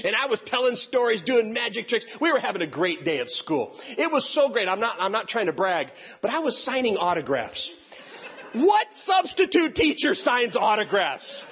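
A man, a youth pastor and speaker, telling a funny story in an animated way and acting out each person's voice. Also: high voice, normal speed, slightly rough. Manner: animated, acts out every voice. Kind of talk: comic storytelling talk. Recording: dull lo-fi recording.

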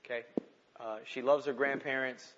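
A man preaching a sermon, moving between urgent, passionate pleas and quiet, reflective asides. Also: medium pitch, little pitch movement, moderate pace, dull audio. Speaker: pastor.

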